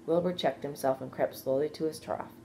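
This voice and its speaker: A woman teacher reading a children's storybook aloud, steady and expressive. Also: deep voice, fairly quick, gravelly, slight background noise.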